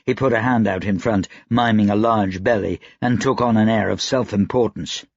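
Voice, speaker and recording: An audiobook narrator reads a scripted text in a low, gravelly male voice, at normal speed with fairly even intonation. The recording is dry and slightly dull.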